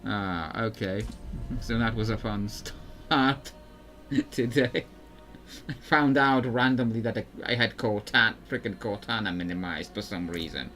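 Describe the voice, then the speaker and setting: A gameplay streamer with a lowish, fairly bright voice talks unhurriedly while playing a video game. His commentary rambles, and he often restarts sentences and chuckles.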